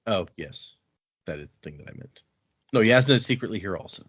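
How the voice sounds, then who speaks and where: A man hosting a podcast, recapping chapters in a casual, animated way with frequent laughs and restarts. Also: low-pitched, brisk, gravelly, slightly rough. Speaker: podcast host recapping a book. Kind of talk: casual book-club chat. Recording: dull lo-fi podcast audio.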